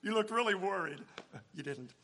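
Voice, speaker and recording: An older man preaching a sermon, swinging from loud exclamations to hushed near-whispers, with joking asides to the congregation. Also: high voice, animated, normal speed, slight background noise. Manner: jokey asides with chuckles to the congregation. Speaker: pastor. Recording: long hall reverb.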